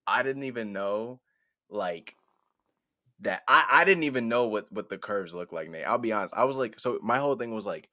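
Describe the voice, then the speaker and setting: A young man in his twenties, co-hosting a podcast and telling a story in casual chat, animated, laughing and repeating "I was like". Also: lowish voice, brisk, no room sound, clean studio sound. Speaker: podcast co-host.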